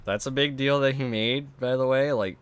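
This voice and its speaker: A man's voice: mid-range voice, fairly even intonation, moderate pace, smooth. A man hosting a stream, reacting casually, crude, dismissive and joking. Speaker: streamer host.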